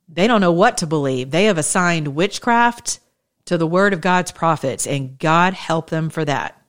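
A woman in her thirties giving an informal, conversational sermon with impassioned, shifting pace. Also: deep voice. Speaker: preacher.

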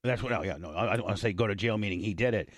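A man's voice: fairly low pitch, very fast, no echo, studio quality. A man hosting an uncensored radio show, telling stories with lots of swearing and acting out the voices of the people in them. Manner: profane, animated, acts out quoted voices in his stories. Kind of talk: uncensored casual talk radio storytelling. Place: radio studio.

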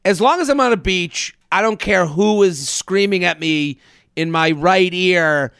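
A man hosting a casual comedy podcast, joking and rambling with quick restarts. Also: high-pitched, lively intonation, a bit bright, clear, resonant tone, no echo, studio quality. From United States. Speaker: podcast host.

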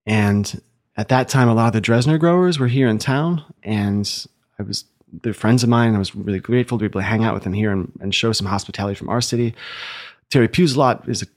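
A man's voice: fairly low pitch, fast. Chatty male sommelier telling a story. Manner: animated storyteller, puts on silly accents. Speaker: sommelier and podcast host. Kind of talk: casual chat.

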